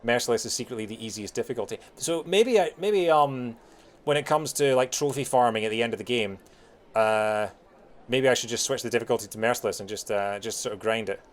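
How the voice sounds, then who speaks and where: Man, thirties, softened scottish accent, casual game stream chat, rambling, lots of fillers. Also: mid-range voice, fairly quick. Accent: Scottish, softened by years in England. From Scotland. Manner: chatty and rambling, many fillers, frequent laughter.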